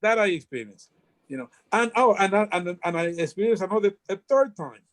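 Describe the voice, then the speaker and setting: A man's voice: high voice, expressive, brisk, low-quality recording. An older man from the Republic, telling stories as an interview guest and often restarting his sentences. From Dominican Republic. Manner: rambling, frequent restarts and repeated words. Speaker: guest storyteller. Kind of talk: casual storytelling interview.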